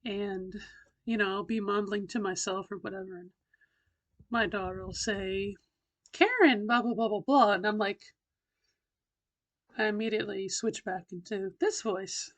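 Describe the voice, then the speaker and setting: A middle-aged woman talking in a casual video diary, thinking aloud with many pauses and a slightly tight throat. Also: mid-range voice, flat delivery. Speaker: vlogger doing voice training.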